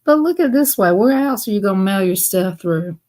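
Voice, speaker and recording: A woman's voice: mid-range voice, expressive, fairly quick, a little mellow. Woman rambling thru funny stories on a live stream, keeps laughing, medium voice. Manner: rambling and chatty, laughs often at her own stories. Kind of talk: casual storytelling chat.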